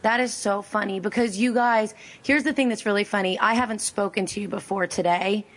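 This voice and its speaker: A woman's voice: mid-range voice, steady tone, fairly quick. A woman from Pennsylvania hosting a casual interview, bubbly and gushing, laughing often. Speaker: show host.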